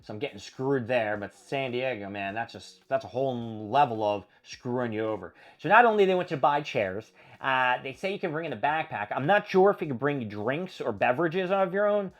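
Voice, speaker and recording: A man's voice: mid-range voice, expressive, fairly quick, few pauses, dull audio. A man hosting a solo show, venting in a profane, exasperated rant. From Philadelphia area. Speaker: podcast host. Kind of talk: ranting solo monologue.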